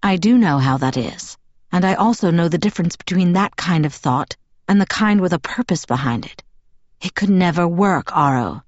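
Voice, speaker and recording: A woman's voice: lowish voice, expressive, moderate pace, no echo, highs cut off. A woman doing a curt, tense young male vampire. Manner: harsh, clipped and guarded.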